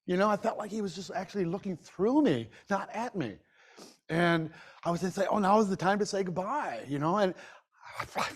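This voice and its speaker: Man telling a grieving story, halting. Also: high voice. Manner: emotional, halting personal storytelling with many restarts. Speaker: grief workshop speaker. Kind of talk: live workshop storytelling. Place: medical center presentation room.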